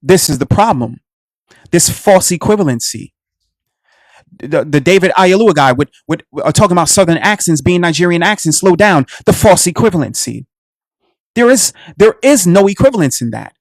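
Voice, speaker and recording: A man's voice: high-pitched, lively intonation, normal speed, dry recording, studio quality. A man with a Black American accent hosting a radio talk show, delivering a preachy, impassioned monologue and calling his listeners "family.". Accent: Black American English. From United States.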